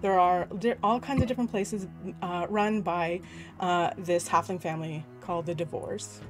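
A woman running a tabletop game over a video call, chatting casually, laughing often and slipping in quick apologies. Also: on the low side, fairly even intonation, soft background music. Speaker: game master. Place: online group video call. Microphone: home computer mic on a video call.

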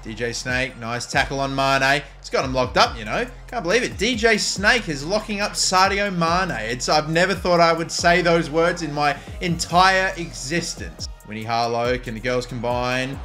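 A high-voiced young man calls a football video game match as it unfolds. His tone is bright and jokey, swinging into excited shouts whenever a goal goes in, and light music plays faintly behind him. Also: moderate pace, hardly any pauses. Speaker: gaming YouTuber. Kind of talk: live football game commentary.

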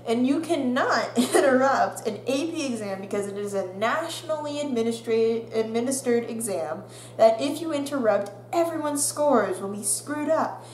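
A woman's voice: a little high, normal speed. Laughing young woman telling a story. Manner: animated, laughing, acting out quotes. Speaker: vlogger. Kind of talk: storytime vlog. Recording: roomy echo with faint hum.

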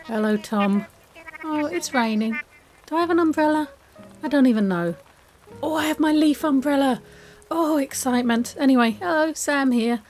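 An English woman giving chatty, excitable, self-mocking let's-play commentary as a gaming YouTuber. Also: high-pitched, normal speed.

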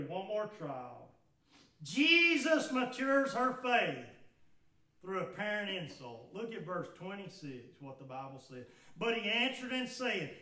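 A man with a Southern US accent preaching a sermon as pastor, building to fervent shouted peaks, recorded in a church sanctuary from a distance. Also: high voice. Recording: echoey church from far off.

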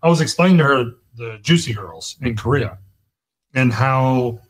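A man, an army veteran and podcast co-host, talking in a plain, measured way with frequent restarts. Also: medium pitch, lively intonation, a crowd in the background. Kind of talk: casual chat.

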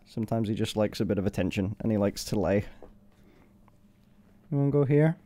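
A man streaming live, chatting casually and cooing to his puppy in a high, doting voice. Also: fairly quick, warm tone. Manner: coos to a puppy in a high baby voice.

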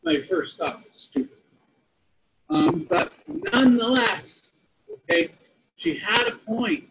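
High gravelly man telling a story. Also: big pitch swings, takes it slowly, a little hiss or hum. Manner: anecdotal, often checks in with "okay?". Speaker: webinar speaker on disability support. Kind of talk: storytelling talk. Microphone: online call audio. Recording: muffled lo-fi webinar audio.

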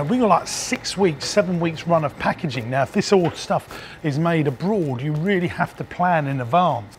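A man's voice: mid-range voice, vocal fry, a little hiss or hum. Chatty man on a factory tour. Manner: chatty, enthusiastic, drops to a whisper at times. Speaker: business owner vlogger. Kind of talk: walking factory tour vlog. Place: ice cream factory indoors.

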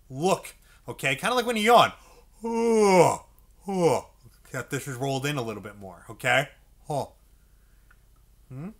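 A man's voice: mid-range voice, pushed and bright. A man teaching saxophone, explaining step by step, checking in often with "okay?" and acting out the mouth sounds. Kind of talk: instructional music lesson.

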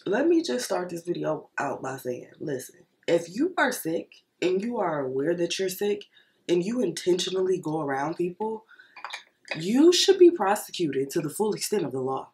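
A young woman, congested and breathing heavily from a cold, chatting casually and venting bluntly with some swearing while doing her makeup for a vlog. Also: deep voice. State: congested, getting over a cold, heavy breathing. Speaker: beauty vlogger. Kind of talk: casual chat, makeup story time. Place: at home in Texas.

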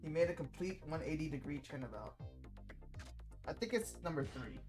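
Low-voiced woman playing a game. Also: lively intonation, normal speed, music in the background. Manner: reads game dialogue aloud, self-correcting. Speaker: let's player. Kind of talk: casual gameplay commentary.

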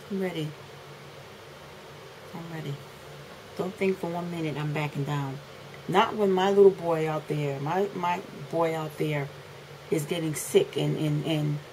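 A woman, ranting to camera as a mother, indignant and repeating phrases for emphasis, swinging between loud outbursts and low, weary lines. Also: a little hiss or hum, low-quality recording. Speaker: mother making a video complaint. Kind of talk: emotional rant to camera.

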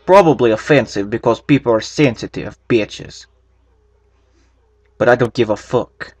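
A man's voice: fairly high pitch, very animated, drawn-out words, breathy edge, no room sound, full character voice. A man voicing a lazy plumber-shop owner who speaks in broken English, crude and smug. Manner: broken English, drops small words. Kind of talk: put-on accent during gameplay.

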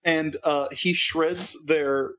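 A man's voice: a little high, steady tone, drawn-out words, pushed and bright. A man co-hosting a podcast, recapping a cartoon episode in a wry, joking way. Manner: wry, joking, summarizing plot. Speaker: podcast co-host. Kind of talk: casual chat.

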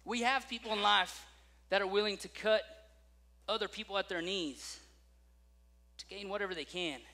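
A man preaching a sermon as pastor, telling stories with lively acted-out voices. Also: high-pitched, moderate pace, big-room sound. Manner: animated storytelling with acted-out voices.

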